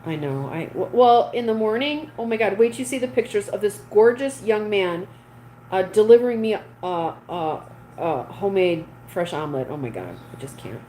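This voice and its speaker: A chatty woman hosting a livestream, talking loosely with her audience and reading out their comments as they come in. Her voice sits at an ordinary middle pitch, with a faint hum running behind it. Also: expressive, normal speed, warm tone, rough recording. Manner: chatty, reads viewer comments aloud, laughs often. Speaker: livestream host. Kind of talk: casual live chat with viewers.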